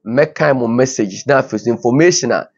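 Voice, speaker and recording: A man's voice: medium pitch, brisk, creaky, darkish tone, husky. A man with a Ghanaian accent hosts an online news show, reading out viewer comments and mixing Twi with English in an informal, chatty way. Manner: switches between Twi and English, informal asides. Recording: dull lo-fi audio.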